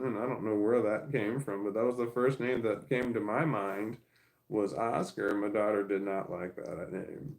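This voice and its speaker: A man's voice: on the low side, creaky, rough recording. A middle-aged man telling a long personal story in a casual, rambling way, full of restarts and swearing. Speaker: vlogger.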